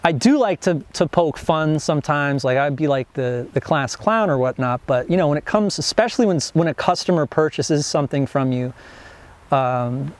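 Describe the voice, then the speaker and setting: Rambling high-voiced male business teacher. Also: moderate pace. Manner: rambling, filler-heavy, frequent restarts. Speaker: online business course teacher. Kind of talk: casual instructional talk.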